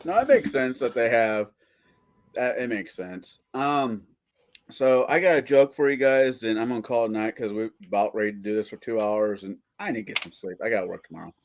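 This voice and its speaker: A man's voice: mid-range voice, brisk, slight background noise. A man streaming, chatting casually and telling crude jokes, swearing freely and acting out the voices in them. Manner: rambling, swears freely, acts out joke voices.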